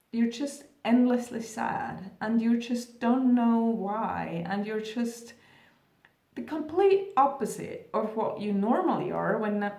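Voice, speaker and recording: Slow, gentle woman in an echoey room. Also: medium pitch, creaky. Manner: gentle, earnest and reassuring, with soft laughs and fillers. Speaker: spiritual vlogger. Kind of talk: casual talk to camera. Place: indoor room, Australia. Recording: echoey room, distant mic.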